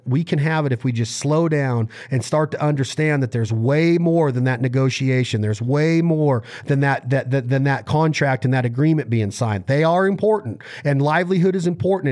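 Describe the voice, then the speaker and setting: A man's voice: mid-range voice, normal speed, few pauses, darkish tone. A man from Reno, Nevada, talking as a podcast guest in earnest, rambling conversational storytelling full of restarts and repeated words.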